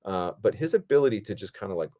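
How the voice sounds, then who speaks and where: A man, a film director hosting his own podcast, telling behind-the-scenes stories in a casual, animated and profane way. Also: on the low side, fast. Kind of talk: casual storytelling.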